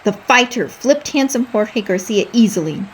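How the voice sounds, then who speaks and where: A woman reading a children's story aloud with a lively, bouncing pitch. Her tone is slightly higher than average, and faint noise sits beneath her voice. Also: moderate pace.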